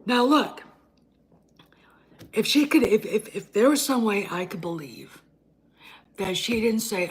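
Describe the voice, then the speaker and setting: Husky blunt woman ranting. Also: medium pitch, animated, a little slow, long pauses. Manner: blunt, combative, swearing, with frequent restarts. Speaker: host. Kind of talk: opinion rant.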